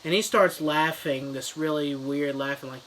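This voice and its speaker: A man's voice: a little high, fairly even intonation, a little slow, a bit bright, a little hiss or hum, rough recording. A man retelling a story as a mock review, in a loose, rambling style full of fillers. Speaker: comedy reviewer.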